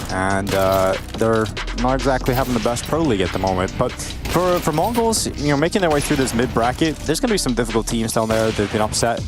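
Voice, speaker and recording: A man commentating a competitive video game match as caster, calling plays that rise in excitement on big moments, then chatting analysis with his co-caster. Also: mid-range voice. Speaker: esports caster.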